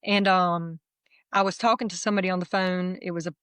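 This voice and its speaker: A middle-aged woman, candidly telling her personal testimony as a guest in a lively, self-deprecating way. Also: lowish voice, fairly quick, clean tone, no echo.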